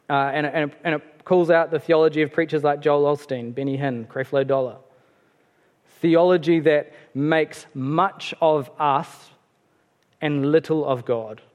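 A man preaching a sermon in a relaxed, conversational way, with fillers and self-corrections. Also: on the high side. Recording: long hall reverb.

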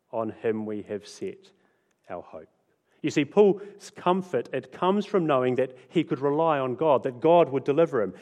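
A man's voice: medium pitch, a little mellow. A man preaching a sermon in a conversational way, with asides and restarts. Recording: long hall reverb.

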